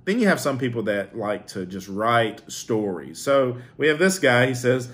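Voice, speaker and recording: A man's voice: mid-range voice, very animated, moderate pace, hardly any pauses, fairly bright tone. A man from Alabama with a Southern accent, reading viewer comments aloud in a vlog and answering them with wry, teasing remarks. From Alabama, USA. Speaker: YouTuber.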